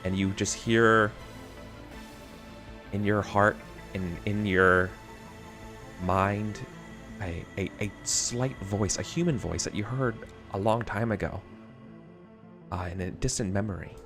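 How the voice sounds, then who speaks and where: A man narrating a tabletop game as game master, halting with many fillers. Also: on the low side, fairly bright tone, faint music behind.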